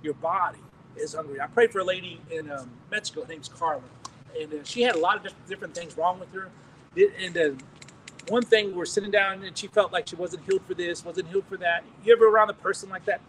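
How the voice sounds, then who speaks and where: American pastor guy, kinda high voice, lively storytelling sermon, mic a bit far off w/ faint hiss. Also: fast. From United States. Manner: animated, chuckling, restarting phrases.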